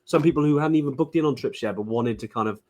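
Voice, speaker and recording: A man from Wales co-hosting a relaxed live stream, his voice sitting at an ordinary middle pitch. He talks in a loose, chatty way, full of ums and restarts, as he greets viewers and shares tips. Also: fast. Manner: chatty, many fillers and restarts. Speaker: podcast co-host. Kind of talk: casual live-stream chat.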